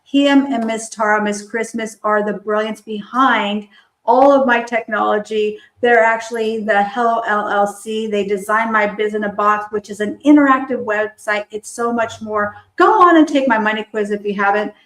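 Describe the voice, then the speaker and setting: A woman's voice: medium pitch, moderate pace, fairly bright tone. A woman hosting a live online talk show, upbeat and cheering her guest on. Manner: enthusiastic, cheering. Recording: roomy echo.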